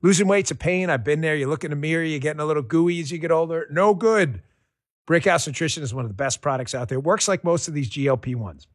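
A man reading a radio ad in a folksy, emphatic pitchman manner. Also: fast talker, dry recording, clean studio sound. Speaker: ad spokesman. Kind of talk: radio ad read.

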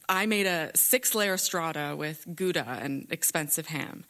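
Young woman storyteller, lower voice, wry and lively delivery for a live story. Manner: wry, lively first-person telling.

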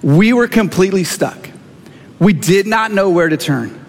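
A man's voice: high-pitched, expressive, unhurried. A man, a pastor preaching a sermon with earnest, personal storytelling. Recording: long church hall reverb.

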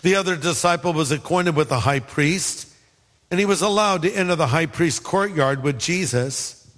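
A man's voice: fairly high pitch, normal speed. A man preaching a sermon, telling a story with humor and acting out the voices of the people in it. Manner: animated storytelling, acts out quoted voices; humorous asides. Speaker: pastor. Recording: long hall reverb.

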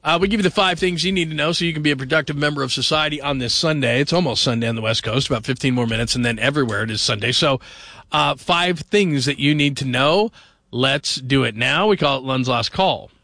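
A man's voice: medium pitch, fast, pushed and bright, no room sound. A man hosting a late-night sports radio show, chatting and joking in a rambling, casual way. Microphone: studio microphone.

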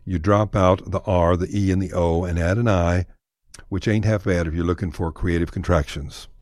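A man's voice: low voice, fairly even intonation, normal speed, darkish tone, dry recording, studio quality. A man with a Texan accent telling folksy, wry stories as the host of a radio segment. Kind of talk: scripted radio narration.

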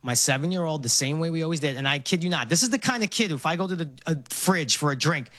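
A middle-aged man from Brooklyn, telling animated stories as a guest in a casual interview. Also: fairly high pitch, no room sound. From Brooklyn, New York. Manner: animated storytelling, quick laughs.

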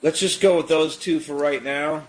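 A man's voice: a little high, normal speed. A man hosting a live call-in radio ministry, praying for callers and talking casually with plenty of fillers. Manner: prays and preaches in a relaxed, conversational way with frequent fillers. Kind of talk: live call-in prayer show.

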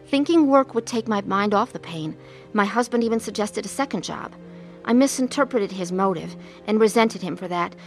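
A woman earnestly narrating her own life story, acting out her scenes with deep emotion. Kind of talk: dramatized testimony narration.

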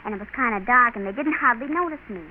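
A woman's voice: a little high, quick pace, natural voice. An actress voicing a blunt, tattling little girl in a 1940s-style radio play. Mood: artless. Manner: matter-of-fact, artless and tattling. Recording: tinny old radio recording with faint hiss.

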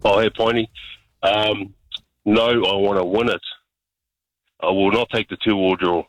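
A man's voice: lowish voice, steady tone, a little slow, no room sound, faint music behind. A man with a New Zealand accent calling in to a talk radio show, blunt and matey, heard over the phone. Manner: blunt, matey, keeps saying mate. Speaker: caller. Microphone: phone line. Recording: dull lo-fi phone line.

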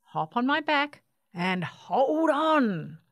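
A woman's voice: medium pitch, sing-song, a little slow, no room sound, clean studio sound. A woman voicing a friendly, clumsy male coot bird who stammers eagerly and chatters in a bubbly way.

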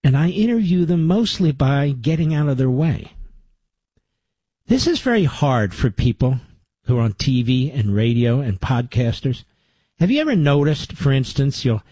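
A man's voice: a little high, a little mellow, slightly rough, no room sound. A middle-aged man hosting a talk radio show, delivering a combative, conversational monologue with sarcastic asides into a studio microphone.

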